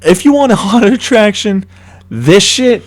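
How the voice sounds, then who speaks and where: A young man co-hosting a casual chat, excitedly retelling a scary trip with lots of swearing. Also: high-pitched, a little slow. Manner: excited, swears a lot, animated storytelling. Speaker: co-host.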